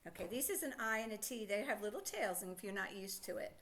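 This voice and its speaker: A woman teaching a phonics lesson to children, sounding out words slowly and asking lots of encouraging questions. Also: medium pitch, animated, fairly bright tone, slight background noise. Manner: encouraging, asks many questions.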